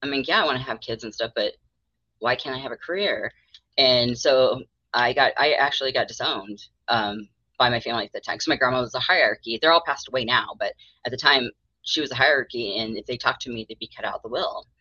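Bright, animated middle-aged woman therapist. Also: a bass voice, a little fast, slightly rough, dry recording. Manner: animated storyteller acting out quoted dialogue. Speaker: mental health therapist, guest. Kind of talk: casual interview conversation. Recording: dull lo-fi dry sound.

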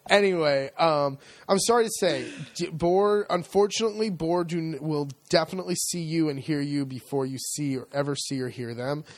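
A man's voice: fairly high pitch, normal speed, few pauses, no echo. A man co-hosting a podcast, explaining things in a casual, rambling way. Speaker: podcast co-host. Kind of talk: casual chat.

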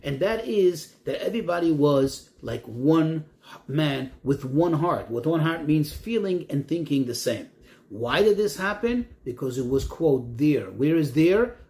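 A man's voice: on the high side, measured pace. A man, a rabbi, teaching a Torah lesson, posing questions and quoting Hebrew verses before translating them. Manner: animated, rising and falling emphasis.

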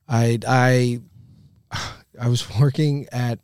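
A man's voice: medium pitch, slow, smooth, no echo, studio quality. A man, a stand-up comedian, telling stories in a casual podcast chat, swearing freely and acting out the people he quotes. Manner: storytelling, animated, swears freely, acts out quoted voices.

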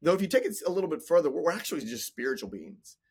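Forties guy, coach on a podcast, fired up and preachy, slightly high voice, repeats himself a lot. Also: very animated, rapid-fire, slight background noise. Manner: emphatic, motivational, repeats words as he goes. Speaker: business coach and entrepreneur guest. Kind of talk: casual podcast interview.

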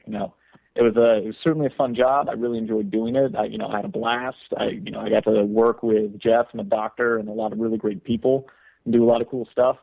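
A man's voice: medium pitch, gravelly. A man who works as a game developer, calling in as a guest on a radio show and rambling casually with lots of filler. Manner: rambling, lots of "you know" and restarts. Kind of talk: casual call-in chat. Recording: tinny internet call line.

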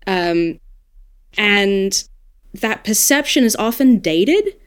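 A woman with an Australian accent, an audiobook narrator talking shop in a casual roundtable discussion, thoughtful and animated when she makes a point. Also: mid-range voice, slow, clean tone.

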